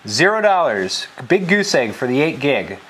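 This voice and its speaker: A man's voice: mid-range voice, big pitch swings, normal speed, fairly bright tone. A man co-hosting a live tech news show in a studio, reading out prices with playful emphasis in casual chat. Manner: reads figures with playful emphasis.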